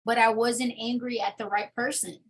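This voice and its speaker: A woman's voice: a little high, little pitch movement, moderate pace, low-quality recording. A young adult woman telling her personal testimony in an interview, candid and full of fillers. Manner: candid storytelling with many fillers. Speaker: interview guest.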